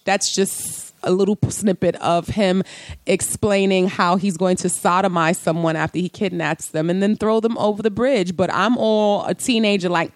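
A woman's voice: medium pitch, measured pace, no echo. A woman in her late thirties hosting a casual solo podcast, talking animatedly and dropping into sung snippets now and then. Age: late 30s. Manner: animated, breaks into singing snippets and laughs. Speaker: podcast host.

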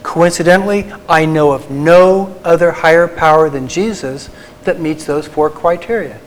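Christian psychologist addressing a group; earnest, tender delivery, slightly higher male voice. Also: rough recording. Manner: earnest, tender, slows for emphasis. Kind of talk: faith talk to a live group.

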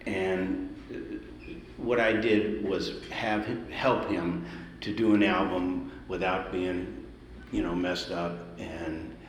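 A man's voice: low voice, flat delivery, takes it slowly. A middle-aged man from the Valley in Los Angeles, a musician telling stories casually in an interview and acting out the voices he quotes. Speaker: musician, guest. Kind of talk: storytelling interview. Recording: roomy hall, ambient noise.

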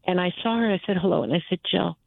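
A woman's voice: on the low side, gravelly. Earnest woman caller on a tinny phone. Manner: earnest, halting, with many restarts. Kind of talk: phone-in storytelling.

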